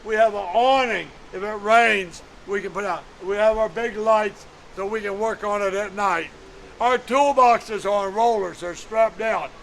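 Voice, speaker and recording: A man in his nineties retelling an insistent male trailer builder's words in his own high, gravelly voice. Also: unhurried, a bit bright, a little hiss or hum, poor audio. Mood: eager.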